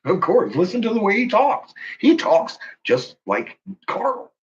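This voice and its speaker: A man's voice: sits high, huge pitch swings, unhurried, a little hiss or hum. A man ranting on a live stream in casual, profane talk, laughing often and calling out to his viewers by name. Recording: muffled lo-fi recording.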